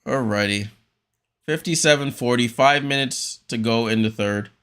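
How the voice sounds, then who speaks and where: A man hosting a live watchalong stream, calling the game play-by-play in a relaxed, chatty way with frequent ums and restarts. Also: medium pitch, normal speed, clean tone. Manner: relaxed, chatty, many ums and restarts, reads chat aloud.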